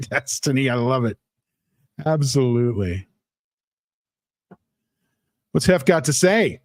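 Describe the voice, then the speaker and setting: A man's voice: medium pitch, animated, slow pace, dry recording. A man hosting a casual livestream, reading out chat comments in a rambling, playful way with lots of fillers. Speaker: livestream host.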